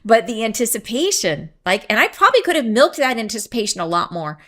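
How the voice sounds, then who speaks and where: A woman hosting a spiritual podcast, chatty and excitable, who laughs often and drifts into tangents. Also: on the high side, fast talker. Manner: chatty, rambling, goes off on tangents. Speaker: podcast host and channeler. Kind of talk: casual spiritual talk to listeners.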